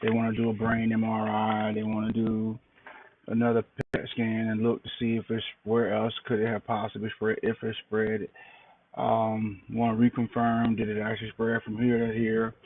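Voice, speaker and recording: A tired middle-aged man speaks in a low, flat voice, plain-spoken and halting with fillers. He sits a bit back from the mic, and the sound is thin and phone-like with a faint hiss behind it. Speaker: cancer patient sharing an update. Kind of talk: casual video diary. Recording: distant, phone-like, noisy recording.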